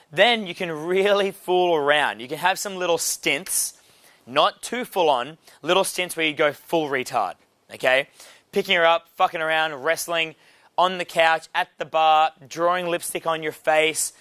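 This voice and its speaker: A man teaching a dating seminar in a brash, profane, animated way. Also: fairly high pitch, moderate pace, dry recording. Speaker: dating coach.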